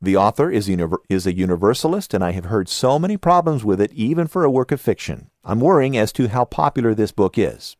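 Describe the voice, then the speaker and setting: A man's voice: lowish voice, very animated, quick pace, hardly any pauses, darkish tone, dry recording, studio quality. A man with a Southern California accent hosting a podcast, reviewing a book casually and reading listener comments aloud with his own asides. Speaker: podcast host.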